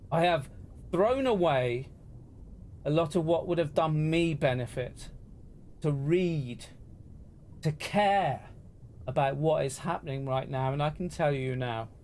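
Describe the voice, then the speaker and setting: A man's voice: medium pitch, measured pace, pauses often, darkish tone, a little hiss or hum. A man from the UK, talking straight to viewers on a livestream in an impassioned, sweary, repetitive rant.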